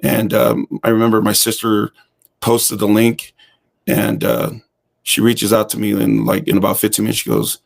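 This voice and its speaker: Speaking at a moderate pace with vocal fry and a fairly low pitch, a man guests on an interview show. The hip hop fitness instructor shares his story casually, acting out quoted dialogue like an animated storyteller.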